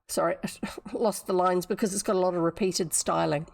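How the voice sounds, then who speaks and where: A woman's voice: lowish voice, steady tone, moderate pace, vocal fry. A woman with a New Zealand accent reading an old fairy tale aloud on a live stream, adding chatty asides. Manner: chatty asides between read passages.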